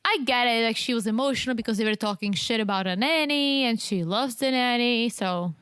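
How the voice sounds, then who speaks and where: A female podcast co-host chats casually in a fairly high voice and drops in quick asides. Her voice is recorded dry and close to the mic. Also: a bit bright, clear, resonant tone, dry recording. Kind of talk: casual chat recapping a reality show.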